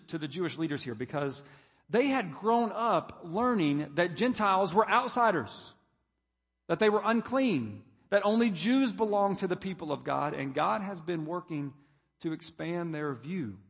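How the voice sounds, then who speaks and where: A man's voice: a little high, creaky, slightly rough, in a large hall. A man preaching a sermon, building to emphatic points as he reads scripture. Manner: preaching, reading scripture aloud with rising emphasis. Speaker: pastor.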